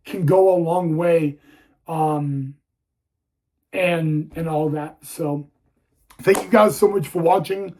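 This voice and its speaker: A young man telling a personal story on his vlog, halting and repeating words, audibly emotional and close to tears. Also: on the high side, a little mellow. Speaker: YouTuber.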